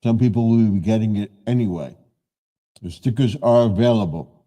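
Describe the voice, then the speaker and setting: A man's voice: on the low side, moderate pace, dark tone. A man in his seventies hosting a live stream, chatting casually in a rambling way and often correcting himself.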